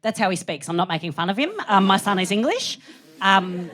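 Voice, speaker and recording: A woman in her thirties from Australia with an Australian accent, telling a stand-up story in an animated, self-deprecating way. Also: mid-range voice, a little fast. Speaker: stand-up comedian.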